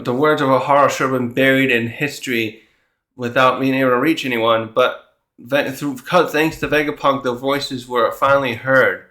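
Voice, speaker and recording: A man's voice: mid-range voice, bright, forceful tone, reverberant. A man hosting a casual chapter review, thinking aloud and retelling the characters' dialogue in his own words. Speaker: manga reviewer and channel host.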